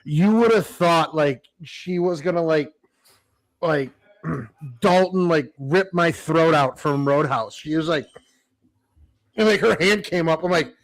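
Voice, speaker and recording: Laid-back man, halting casual talk. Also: on the high side. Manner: laid-back, halting, repeats words when starting a thought. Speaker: podcast co-host. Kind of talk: casual chat.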